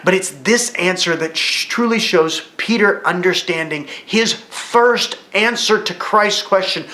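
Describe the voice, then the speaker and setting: A man teaching a Bible study lesson in a church, retelling the story vividly and rising with excitement at key moments. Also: sits high, normal speed, hardly any pauses. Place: church room. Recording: echoey room.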